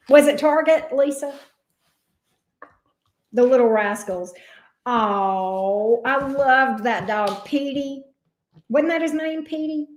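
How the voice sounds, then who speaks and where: A woman's voice: fairly high pitch, takes it slowly. A woman hosting a casual livestream. She greets viewers by name and coos affectionately over her dog. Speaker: tarot reader hosting a livestream. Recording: roomy echo.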